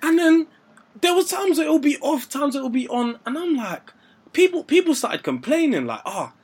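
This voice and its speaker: A man's voice: extremely high pitch, normal speed. A young man, telling stories in casual chat and acting out quoted lines in slang. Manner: animated storyteller, slang-heavy, acts out quotes.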